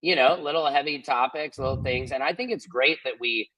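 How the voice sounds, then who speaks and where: A man's voice: mid-range voice, fairly quick, bright, forceful tone, low-quality recording. A man co-hosting a podcast in casual chat, teasing and upbeat. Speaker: podcast co-host.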